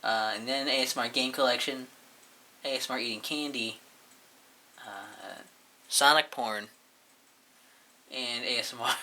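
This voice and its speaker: A man's voice: medium pitch, steady tone, normal speed, long pauses, sharp tone. A man casually rambling through a look back at his own channel, mumbling and swearing offhandedly as he goes. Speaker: YouTuber reviewing his channel.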